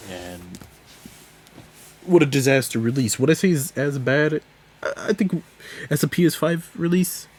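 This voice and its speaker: A man's voice: animated, a little slow, pauses often, darkish tone, husky. A young man hosting a casual solo podcast, rambling through a story with lots of swearing and laughter, his voice jumping up when he gets exasperated. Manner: rambling, profane, laughs often, voice jumps high when exasperated. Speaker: podcast host.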